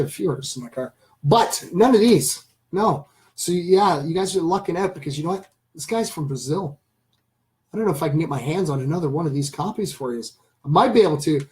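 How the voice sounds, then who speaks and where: Rambling enthusiastic man host, slightly high. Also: rough recording. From Canada. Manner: rambling, enthusiastic, addresses viewers as ladies and gentlemen. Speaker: channel host. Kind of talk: casual live stream chat.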